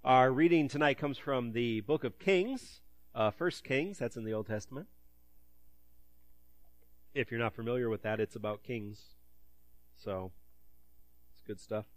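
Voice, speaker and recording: A man's voice: mid-range voice, measured pace, pauses often, no echo. A man preaching a sermon and reading scripture, conversational with joking asides, acting out the voices he quotes. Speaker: pastor.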